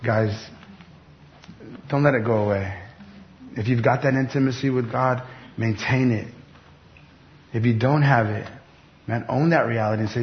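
A middle-aged man preaching a sermon as pastor, talking conversationally with bursts of excited emphasis. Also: mid-range voice, moderate pace, pauses often. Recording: dull lo-fi sound with faint background noise.

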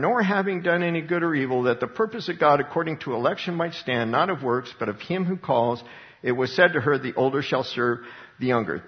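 A man preaching a sermon to a congregation, reading scripture aloud and breaking off into lively asides. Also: on the high side. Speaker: pastor. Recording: dull sound with long reverb in a large room.

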